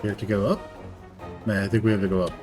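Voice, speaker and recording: A man's voice: lowish voice, little pitch movement, rapid-fire, over music. A man streaming a game and commenting in a wry, jokey, playful way.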